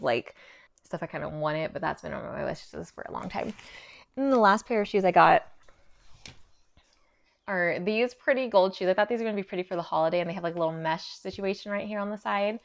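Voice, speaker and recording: Walking through her thrift haul, this young woman speaks in a creaky, fairly low voice, slightly breathless. She's a fashion vlogger keeping it casual, with "like" showing up constantly.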